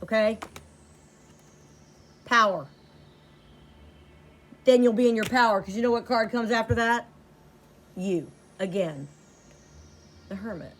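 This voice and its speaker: A woman's voice: a little high, slow pace, long pauses, slight background noise. A woman giving a tarot reading to camera, blunt and profane, repeating lines for emphasis. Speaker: tarot reader.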